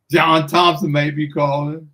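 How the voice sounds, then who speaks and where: Older man telling a lively story. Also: a little high, takes it slowly, low-quality recording. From Washington DC area. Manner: lively storyteller who acts out voices, laughs often, says "man" a lot. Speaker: guest storyteller. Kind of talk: animated anecdote on radio.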